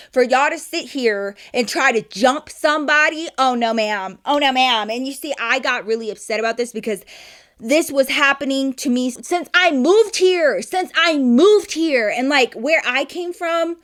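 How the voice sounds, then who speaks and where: A young woman with a high-sitting voice tells her viewers a story in a loose, animated way. She swears freely and addresses them as y'all.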